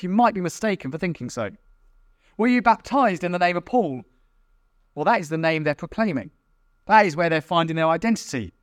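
A man preaching an evening sermon in a high, lively voice that rises and falls a great deal. He talks in an animated way and now and then slips into mocking voices for quarrelling churchgoers. The sound is dry and close. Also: no room sound.

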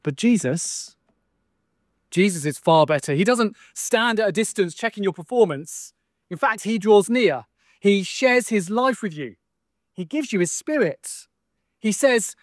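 A man's voice: sits high, unhurried, no echo, clean studio sound. A male pastor with a Southern American accent preaching an earnest sermon full of rhetorical contrasts.

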